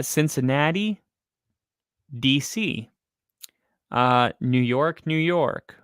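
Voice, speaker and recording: A man co-hosting a casual football podcast, rambling and excitable, with lots of fillers. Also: mid-range voice, clean tone, no echo, clean studio sound. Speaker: podcast co-host. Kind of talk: casual sports chat.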